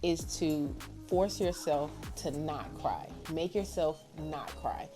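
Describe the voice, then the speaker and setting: Animated woman interview host. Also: deep voice, slow pace, music in the background. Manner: enthusiastic and animated. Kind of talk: casual interview chat.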